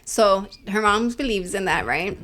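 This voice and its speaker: Woman in her 20s, podcast co-host, chatty storyteller, mid-pitched voice, Spanish-English mix. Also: expressive, a little slow, a bit bright, a little hiss or hum. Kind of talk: casual storytelling chat.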